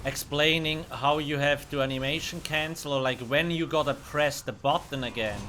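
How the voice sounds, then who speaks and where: A man's voice: a little high, steady tone, moderate pace, pushed and bright, a little hiss or hum. A man streaming a video game, chatting casually in a blunt, profane and joking way. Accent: German. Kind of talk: casual live-stream commentary.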